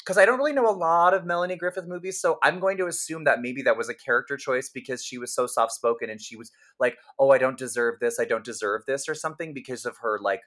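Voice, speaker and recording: Bright-voiced chatty podcast co-host. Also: mid-range voice, fast, few pauses. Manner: chatty, laughing often, full of likes and restarts. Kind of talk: casual chat reviewing a film.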